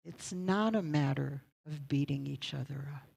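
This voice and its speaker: A woman voicing a reflective man who speaks quietly and earnestly. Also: low voice, a little slow, gravelly, husky, voice pushed down, exaggerated voice. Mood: awed. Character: reflective adult man, earnest aikido student.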